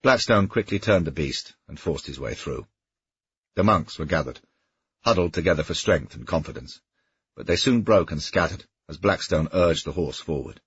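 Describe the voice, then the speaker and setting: A man narrating an audiobook in steady storytelling, with a husky voice. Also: a bass voice, moderate pace, dry recording, highs cut off. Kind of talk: scripted narration.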